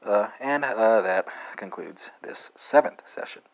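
A man's voice: on the low side, animated, lo-fi sound. A man with a Texas accent giving a casual spoken language lesson, full of fillers and questions like "right?". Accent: Texan. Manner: halting, frequent fillers and tag "right?". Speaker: language teacher.

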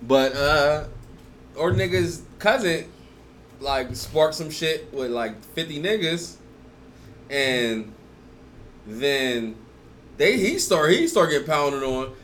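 A man's voice: a little high, animated, slow, pauses often, fairly bright tone, a little hiss or hum. A young man co-hosting a podcast in casual, profane chat. He tells stories in slang and says he is a little buzzed. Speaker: podcast co-host.

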